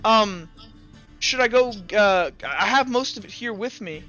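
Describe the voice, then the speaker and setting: A man's voice: high-pitched, expressive, unhurried, pushed and bright, lo-fi sound, faint music behind, pitched above the performer's own voice, exaggerated voice. A man voicing a shy, nervous young man who stammers, in a tabletop game. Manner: stammering, timid.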